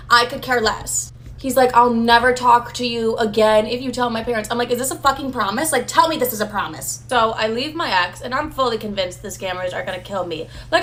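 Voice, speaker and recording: A woman's voice: on the high side, fairly bright tone, a little hiss or hum. A young woman telling a casual, chatty story full of swearing and "like".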